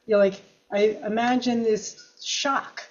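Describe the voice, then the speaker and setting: Woman in a study class, slow thoughtful comment, kinda muffled from a distance. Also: fairly high pitch, fairly even intonation. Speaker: class participant. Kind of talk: discussion comment.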